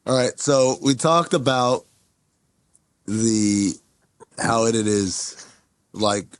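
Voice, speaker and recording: A man co-hosting a casual movie podcast, his voice sitting at an ordinary middle pitch. He talks in a laid-back way and works through his thoughts out loud. The sound is close and dry. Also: slow, no echo. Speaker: podcast co-host.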